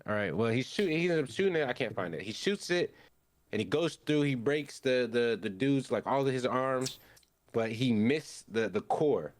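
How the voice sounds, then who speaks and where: A man's voice: mid-range voice, normal speed, dry recording, clean studio sound. Young man retelling an anime episode. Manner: animated storytelling, acting out characters' lines. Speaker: podcast co-host. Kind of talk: casual chat, recapping an anime episode.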